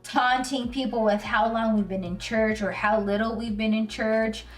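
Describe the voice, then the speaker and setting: A woman giving an earnest, casual Bible talk to her viewers, telling it with lively, slangy storytelling and plain emotion. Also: fairly high pitch, moderate pace, distant mic, faint music behind. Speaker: Christian video host.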